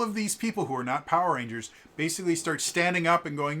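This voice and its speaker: A man's voice: on the high side, fast talker, pushed and bright. A man reviewing a tabletop game book in casual talk, stammering and restarting often. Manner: stammering, frequent restarts and fillers.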